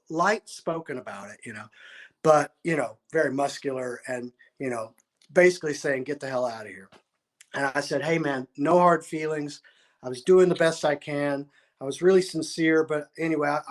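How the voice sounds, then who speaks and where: A man, a musician, telling a long story in an interview, acting out quotes and often restarting his sentences. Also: on the high side. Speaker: musician guest.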